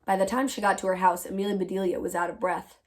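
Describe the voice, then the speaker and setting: A woman's voice: mid-range voice, fast. Woman reading a storybook aloud. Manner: clear, expressive storytelling. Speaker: teacher. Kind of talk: reading a children's chapter book aloud.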